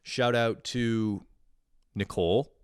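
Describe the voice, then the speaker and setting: A man's voice: fairly low pitch, slow. A young man from Canada talking in a casual, rambling, profane monologue to his audience. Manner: profane, rambling, animated when telling stories. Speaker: vlogger.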